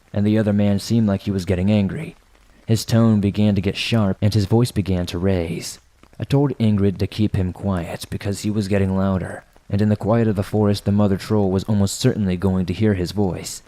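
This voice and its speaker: A man with a low, dark, mellow voice narrates a first-person horror tale. His delivery is steady and measured, a practiced storyteller reading from a script.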